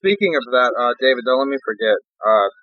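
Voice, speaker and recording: A man's voice: medium pitch, animated, fast talker, no echo, dull audio. A man playing a tabletop game in casual chat, blunt and sarcastic. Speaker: player.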